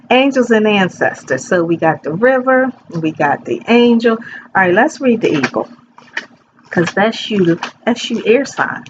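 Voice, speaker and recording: A woman's voice: fairly high pitch, animated, normal speed, muffled recording, a little hiss or hum. A woman in her fifties doing a casual tarot reading from her bedroom, chatty and rambling, talking straight to her viewers. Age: 50s. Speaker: tarot reader. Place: bedroom at home.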